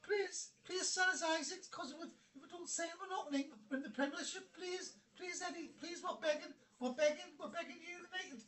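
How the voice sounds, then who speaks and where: A Geordie man putting on the high whimpering fake-crying voice of a pleading rival fan. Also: fairly quick, hardly any pauses, fairly bright tone, distant mic. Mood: mock pleading. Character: whining pleading male rival football fan, begging.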